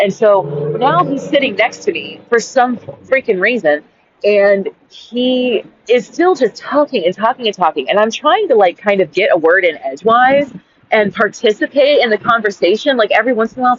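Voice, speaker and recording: A woman's voice: mid-range voice, a little hiss or hum. A woman who reads her old journal entry aloud, then tells the story in a frank, rambling way with lots of "like"s and a bit of swearing. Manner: rambling, with many "like"s and restarts; frank and exasperated, swears freely. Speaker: vlogger. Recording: slightly dull lo-fi recording.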